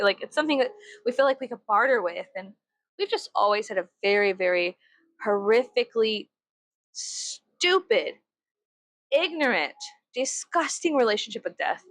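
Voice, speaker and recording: A young woman from the States talks casually to her viewers, rambling and profane, with "like" in almost every sentence. Her voice sits a bit high for a woman and sounds dry and close to the mic, with no room around it. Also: fairly bright tone, no room sound. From United States. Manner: rambling, profane, filler-heavy with frequent "like". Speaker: vlogger. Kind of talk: casual chat to camera.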